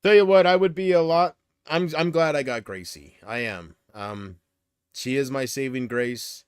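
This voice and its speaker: A man's voice: medium pitch, measured pace, clean tone, no echo, studio quality. A man chatting casually on a livestream, rambling and answering viewer comments.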